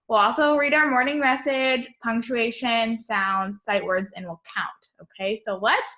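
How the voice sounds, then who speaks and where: A woman teaching young children a remote lesson from home on her computer, upbeat and encouraging, speaking slowly and clearly. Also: on the high side, bright, forceful tone.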